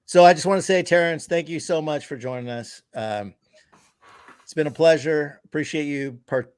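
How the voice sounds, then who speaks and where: A man's voice: on the high side, moderate pace, clear, resonant tone. A man co-hosting a podcast, talking politics in a sardonic, dismissive way. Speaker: podcast co-host. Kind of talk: casual political chat.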